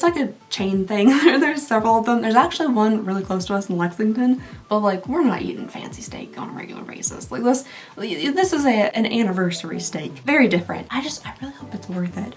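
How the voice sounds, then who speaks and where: A woman, chatting casually while doing her makeup. She rambles and laughs often, and her voice is getting tired. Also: a little high. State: losing her voice. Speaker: beauty vlogger.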